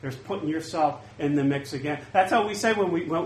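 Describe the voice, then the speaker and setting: A man preaching a sermon, swinging from loud bursts to hushed asides. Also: a little high, brisk, hardly any pauses, echoey room, slight background noise, poor audio.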